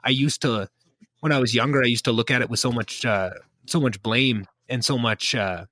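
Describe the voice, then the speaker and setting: A man's voice: mid-range voice, moderate pace, pushed and bright. A young man hosting a casual podcast catch-up, talking earnestly and reflectively with lots of fillers. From Canada. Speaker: podcast host.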